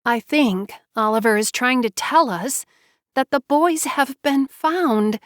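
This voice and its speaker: A woman reading the lines of a caring, emotional mother in an audiobook, speaking softly with a lifted voice. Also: high-pitched, slow pace, no echo, studio quality, voice pushed up. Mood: tender.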